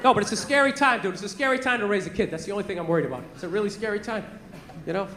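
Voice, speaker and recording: A man on a comedy club stage rants in a profane, exasperated way, his voice pitched very high. The room is echoey, with a crowd clearly heard and steady noise behind him. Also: very fast. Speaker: stand-up comedian. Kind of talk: stand-up rant.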